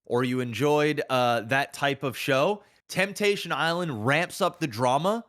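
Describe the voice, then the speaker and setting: A man's voice: a little high, measured pace. A man co-hosting a podcast, chatting casually and animatedly, swearing freely and acting out quoted lines. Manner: animated, profane, acts out quotes. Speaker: podcast co-host.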